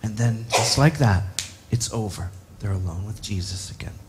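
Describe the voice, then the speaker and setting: A man's voice: lowish voice, normal speed, noisy background. A man preaching a sermon, reflective and posing many rhetorical questions to the congregation.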